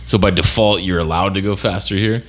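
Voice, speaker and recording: Very low-voiced man swearing through stories. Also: fairly even intonation, brisk, a bit bright. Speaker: podcast co-host. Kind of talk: casual chat.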